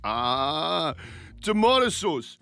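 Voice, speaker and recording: A man's voice: on the high side, sing-song, very slow, creaky, sharp tone, smooth, faint music behind, full character voice. An actor voicing a desperate, middle-aged male rugby coach with a South African accent in a puppet satire, stammering through endless apologies. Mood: rambling.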